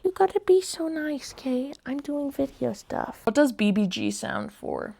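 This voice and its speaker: A young woman reads out online posts in casual commentary and reacts openly as she goes. Her voice sits somewhat high and her manner is blunt, disgusted and amused. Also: animated, a little slow, creaky, dark tone. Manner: reads texts aloud, reacts with disgust and laughter.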